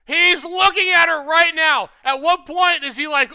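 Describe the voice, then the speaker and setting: A man streaming live reactions to a video, talking incredulously and shouting the same questions over and over. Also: very high-pitched, unhurried, vocal fry. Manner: incredulous, repeats questions loudly.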